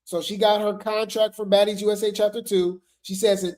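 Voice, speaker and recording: A woman's voice: medium pitch, flat delivery, normal speed, few pauses, a little mellow. A woman hosting a casual gossip commentary show, chatty and slangy, laughing often as she talks.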